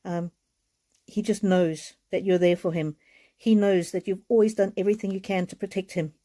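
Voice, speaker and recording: Female card reader on a live stream; mellow, heartfelt, slightly tearful delivery. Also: mid-range voice, fairly even intonation, moderate pace. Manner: gentle, repetitive, heartfelt.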